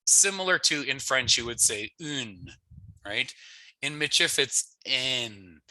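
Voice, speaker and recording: A man with a Canadian English accent teaching a pronunciation lesson in a relaxed, explanatory way, sometimes laughing at himself. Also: medium pitch, slow, no room sound. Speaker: language teacher.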